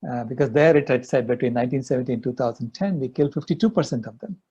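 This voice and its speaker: A man's voice: medium pitch, racing, dark tone, husky. An older man, a guest in an interview, earnestly telling a personal story. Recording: dull lo-fi audio.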